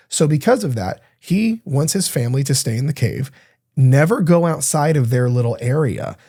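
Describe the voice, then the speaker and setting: A man's voice: mid-range voice, dark tone. A man hosting a podcast as a diet coach, giving a blunt, emphatic monologue and swearing freely.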